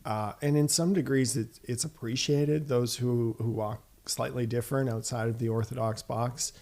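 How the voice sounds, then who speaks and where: Thoughtful Saskatchewan man, mid-pitched. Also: steady tone, darkish tone. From Saskatchewan, Canada. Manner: thoughtful, measured, asks rhetorical "right?". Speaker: guest. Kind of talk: reflective interview talk.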